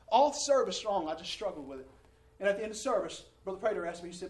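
Fervent high-voiced man testifying. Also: racing. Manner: fervent, swings from hushed to shouting. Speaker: church member giving testimony. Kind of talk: preached testimony. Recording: echoey room, mic at a distance.

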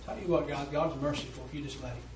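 Folksy preacher in an echoey room. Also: male voice, a little high, steady tone, fast talker, noisy background. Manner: folksy, earnest storytelling with rising fervor. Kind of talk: sermon. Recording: roomy echo, voice from a distance.

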